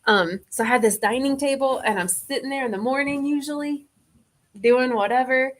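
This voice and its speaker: Guest woman with a fairly high voice, animated and laughing often as she tells a story. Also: moderate pace. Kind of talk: casual storytelling chat.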